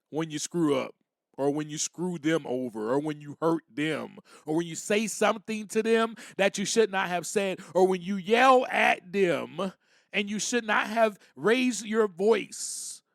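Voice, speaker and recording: A man's voice: high voice, measured pace, creaky, dry recording, studio quality. A man hosting a podcast, giving a personal recovery talk and acting out little quotes, repeating phrases as he goes. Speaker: podcast host.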